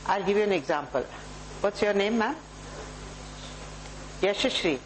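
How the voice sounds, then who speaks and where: A woman's voice: medium pitch, lively intonation, measured pace. Indian-accented woman, motivational speaker, engages the audience directly, room tone with faint hiss. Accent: Indian English. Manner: warm, direct, addresses audience members by name. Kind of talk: live talk to a small audience. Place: talk room with live audience.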